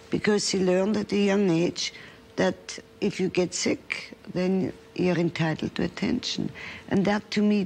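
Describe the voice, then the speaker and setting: Female psychiatrist lecturer, gravelly, earnest case-story teller. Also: fairly low pitch, a little mellow, slight background noise. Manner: earnest storytelling, checks in with the audience.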